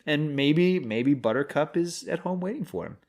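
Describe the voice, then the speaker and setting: A man's voice: fairly high pitch, expressive, normal speed, darkish tone. A man co-hosting a podcast in casual chat, playfully making up comic alternative endings and acting out short quotes. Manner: playful, spins comic what-if scenarios with acted quotes. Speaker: podcast co-host.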